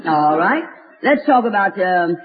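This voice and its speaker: A woman's voice: mid-range voice, sing-song, a little slow. A woman from Alabama hosting a scripted radio comedy show, theatrical and drawling, calling everyone darling. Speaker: radio variety show host. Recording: muffled old radio broadcast. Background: loud studio audience laughter.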